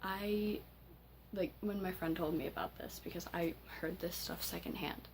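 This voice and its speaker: A teenage girl ranting casually to camera as a vlogger, halting, with many fillers and restarts. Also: lowish voice, steady tone, slight background noise, poor audio. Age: teens.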